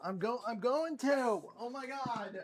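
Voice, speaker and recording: High-voiced man chatting on stream. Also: measured pace, noisy background. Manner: scolding his dog between chatty asides, swears freely. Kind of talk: casual chat on a live stream.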